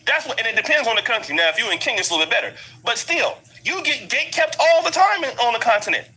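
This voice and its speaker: A middle-aged man with an African American English accent rants in a blunt commentary vlog. His voice sits high for a man and comes out sharp and edgy with a husky grain. He hammers each point by saying it again and again. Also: very animated, quick pace, poor audio. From United States. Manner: blunt, emphatic, repeats points for force. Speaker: commentary vlogger. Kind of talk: ranting commentary. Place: living abroad.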